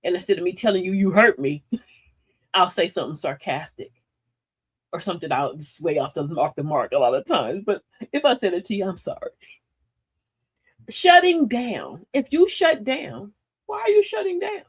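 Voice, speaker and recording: Lively older woman hosting a talk. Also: mid-range voice, normal speed, pauses often, husky. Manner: animated, preachy, playful with slang. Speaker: host of a live talk show. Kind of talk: motivational live-stream talk.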